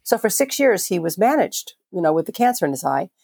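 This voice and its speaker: A woman's voice: medium pitch, big pitch swings, a little fast, a little mellow, breathy edge, dry recording, studio quality. An older woman from Florida, a veterinarian guest on a podcast, telling stories in a passionate, conversational way with frequent restarts. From Florida, USA. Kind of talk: podcast interview storytelling.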